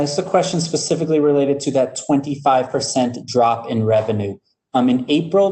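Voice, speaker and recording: A man with a warm, mellow voice hosts a webinar question round. He reads out viewers' questions in a friendly way, with frequent ums and restarts. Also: mid-range voice, low-quality recording. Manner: affable, reading out questions with fillers. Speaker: webinar moderator. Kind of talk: moderating a webinar Q&A.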